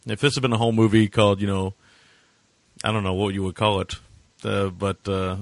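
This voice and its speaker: A man with a lowish voice chats casually about a bad film, speaking in loose, sarcastic asides full of filler words. The recording is close and dry, with no room sound. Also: little pitch movement, fairly quick, creaky, dry recording. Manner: sarcastic, rambling with many fillers. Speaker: podcast co-host. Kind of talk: casual movie review chat.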